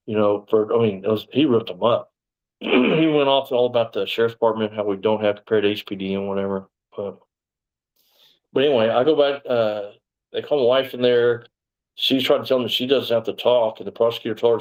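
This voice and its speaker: A middle-aged man talks fast in a fairly low voice, a former deputy telling his own story in an interview. He rambles and acts out every exchange in quoted dialogue. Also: low-quality recording.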